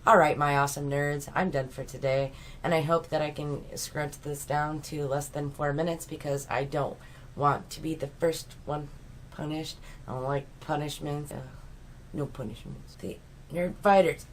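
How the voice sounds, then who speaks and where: A woman's voice: sits low, flat delivery, normal speed, slight background noise. A middle-aged woman vlogging casually from home, chatty and rambling.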